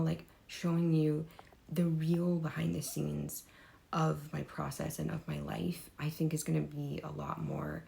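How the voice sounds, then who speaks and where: A woman's voice: sits low, vocal fry, darkish tone. A young woman who has nearly lost her voice, talking unscripted to camera as an artist vlogger, rambling with many fillers and slipping into whispers. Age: young adult. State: losing her voice, hoarse.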